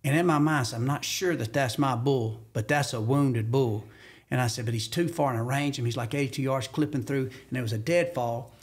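A man from Georgia with a Southern accent, a podcast guest telling a hunting story in an animated way and acting out the quotes with sudden jumps in pitch. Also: a little fast, breathy edge. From Georgia, USA. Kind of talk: animated storytelling in casual conversation.

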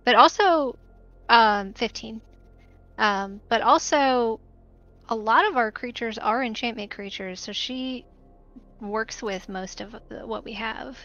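A woman guest calmly explaining draft strategy on a casual game stream, laughing often. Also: a little high, slow pace, muffled recording, faint music behind.

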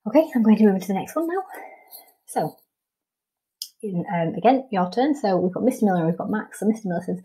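A woman's voice: medium pitch, expressive, fast talker, long pauses, mellow, husky, poor audio. A woman with a Welsh English accent, a primary school teacher patiently explaining a recorded lesson step by step, with frequent ums.

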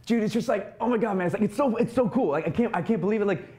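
A man's voice: sits high, racing, darkish tone, pitched above the performer's own voice, natural voice. A breathless, overexcited young guy rambles and stammers about how awesome everything is, as a man puts him on. The voice sits well above a normal male register and races along at top speed. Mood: gushing.

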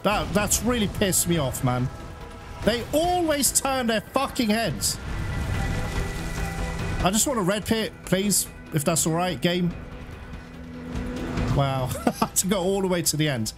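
A man on his gaming channel talks through a hunt, swearing and groaning whenever things go badly. His voice sits a little high and swings widely in pitch. Loud game music plays behind him throughout. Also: animated, moderate pace. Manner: frustrated swearing, frequent exclamations. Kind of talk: live gameplay commentary.

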